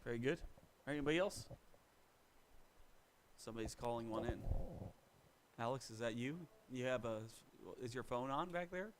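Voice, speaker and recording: A man leading a relaxed church Bible study, encouraging people and laughing easily. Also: medium pitch, normal speed, long pauses, slight background noise, rough recording. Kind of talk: casual class discussion.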